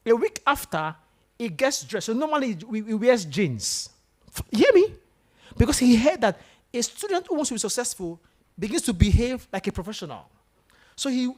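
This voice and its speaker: Animated male speaker addressing students. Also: sits high. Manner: animated, questions the audience directly. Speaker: guest speaker at a university. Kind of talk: motivational talk to students. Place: lecture room with students.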